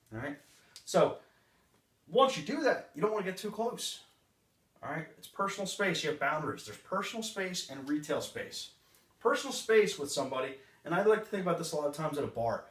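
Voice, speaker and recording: A man's voice: fairly high pitch, fairly bright tone. A man training a live audience on sales, with a punchy way of talking and short acted customer exchanges. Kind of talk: live seminar talk. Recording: roomy, distant room recording.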